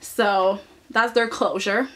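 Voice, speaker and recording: A woman's voice: medium pitch, fairly even intonation, takes it slowly, fairly bright tone. A woman casually recapping a soap opera episode, sassy and chatty, often tagging her points with "okay?".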